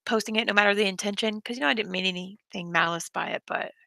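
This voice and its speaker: A woman's voice: mid-range voice, quick pace, gravelly, bright, forceful tone, dry recording. A woman hosting a casual live stream, chatting and reacting to viewers in a rambling, talkative way. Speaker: livestream host.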